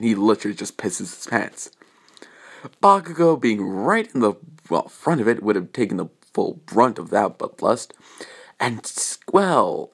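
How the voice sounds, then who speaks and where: Low-voiced young man rambling through a story. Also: fairly bright tone. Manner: rambling, many fillers and restarts. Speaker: fan-fiction storyteller. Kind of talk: improvised story narration.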